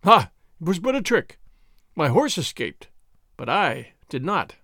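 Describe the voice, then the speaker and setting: A man's voice: on the high side, big pitch swings, unhurried, sharp tone, no echo, studio quality, exaggerated voice. A man voicing a bold, dashing masked swordsman who talks in a proud, taunting, declamatory way. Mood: defiant.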